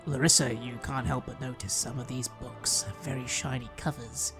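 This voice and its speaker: A game master narrating a fantasy tabletop game in a descriptive, unhurried way. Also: medium pitch, steady tone, over music.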